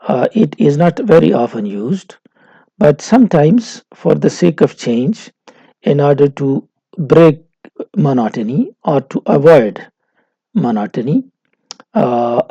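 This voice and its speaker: A man giving a recorded university lecture, slow and halting with many fillers. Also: mid-range voice, mellow, breathy edge, no room sound, muffled recording.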